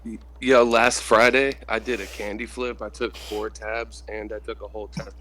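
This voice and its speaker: A man's voice: fairly low pitch, flat delivery, moderate pace, bright, forceful tone. A young man telling a long story in casual group chat, rambling with lots of "like" and swearing. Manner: rambling, heavy use of "like" and swearing.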